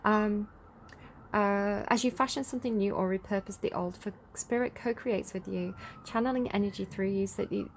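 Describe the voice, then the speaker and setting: A woman's voice: medium pitch, slight background noise. A woman with an English accent giving a casual, chatty tarot reading, reading out card text and then riffing on it with frequent small laughs. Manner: chatty, giggly, reads card text then riffs freely. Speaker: tarot reader.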